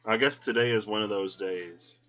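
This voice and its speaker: A man chatting casually in a vlog as a tarot reader, openly emotional and choked up, breaking into high squealed quotes of his own reactions. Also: normal speed, pushed and bright, muffled recording.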